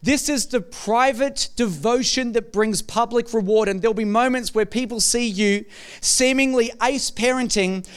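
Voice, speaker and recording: A man's voice: very high-pitched, normal speed, clean tone. A middle-aged man preaching a sermon as pastor, telling a personal story and addressing the congregation directly. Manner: storytelling, shifts to a soft hushed voice when recounting a tender moment.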